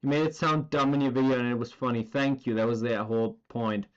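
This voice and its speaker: A man's voice: medium pitch, fairly even intonation, fairly quick, clean tone, lo-fi sound. A man chatting casually on a drawing stream, rambling and swearing as he goes. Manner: rambling and profane, full of filler words.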